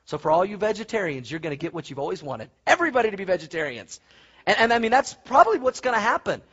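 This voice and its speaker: A man preaches in a high, husky voice. He is animated and folksy, breaks into stories and asides to his congregation, and the recording sounds dull and lo-fi, like a church sermon tape. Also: fast talker. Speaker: pastor.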